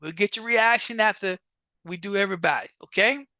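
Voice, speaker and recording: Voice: mid-range voice, fairly quick, bright, forceful tone, no room sound. A coach hosting a live online show and announcing competition vote results with hype, often repeating words and restarting sentences.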